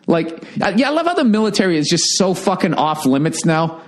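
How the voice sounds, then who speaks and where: A man's voice: high voice, big pitch swings, brisk. A middle-aged man, a comedian, ranting heatedly and profanely in a sarcastic monologue.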